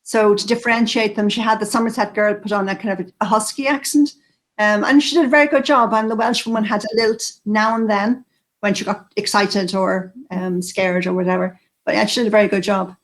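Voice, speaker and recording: A woman author speaks on a panel over a video call. She muses in a relaxed way and lets her sentences trail off. Her voice sits at a medium pitch. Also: a little fast. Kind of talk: casual panel discussion.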